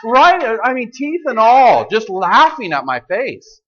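A man's voice: extremely high pitch, wildly swooping pitch, takes it slowly, fairly bright tone, lo-fi sound. A male pastor preaching a sermon in a casual, joking storytelling manner.

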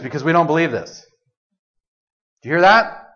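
A man with a high-pitched voice preaches a sermon in an easy, conversational way. He often slips into quoting God and Jesus as he talks. The sound is dull and a bit lo-fi. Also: very animated, a little fast, a bit bright. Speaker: pastor.

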